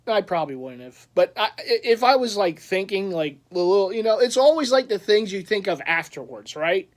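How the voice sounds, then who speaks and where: A man's voice: sits high, lively intonation, a little fast. A man chatting casually in a vlog, telling a rambling story with frequent laughs and restarts. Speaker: collector vlogger.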